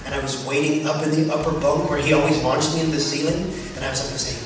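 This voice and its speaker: A man, a children's author, telling a story at a school assembly in an animated, dramatic way and acting out the scenes. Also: fairly high pitch, fast. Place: large school assembly hall. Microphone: distant from the microphone. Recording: echoey hall recorded from far off, loud noise. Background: loud crowd of children.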